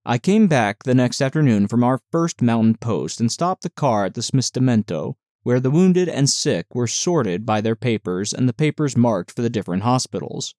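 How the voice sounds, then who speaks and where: A man narrating a novel as an audiobook with steady, measured storytelling. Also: mid-range voice, no room sound, clean studio sound. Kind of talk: novel reading.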